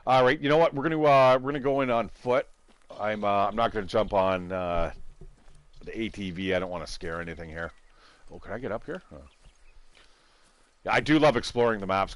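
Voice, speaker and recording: Chatty man, low dry voice. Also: no room sound. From Southern Ontario, Canada. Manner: chatty, rambling, swears and laughs often. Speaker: gaming channel host. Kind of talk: casual gameplay commentary.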